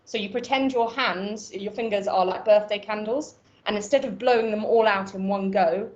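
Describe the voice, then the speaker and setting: A woman with an Irish accent teaching an online voice class, explaining and demonstrating breathing and pitch exercises. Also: normal speed, hardly any pauses, darkish tone, muffled recording. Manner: instructive, demonstrates vocal exercises. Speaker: voice coach.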